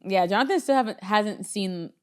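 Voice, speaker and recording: A woman's voice: medium pitch, moderate pace, clear, resonant tone. A woman co-hosting a podcast in casual chat, talking in a chatty storytelling way and laughing often. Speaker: podcast co-host.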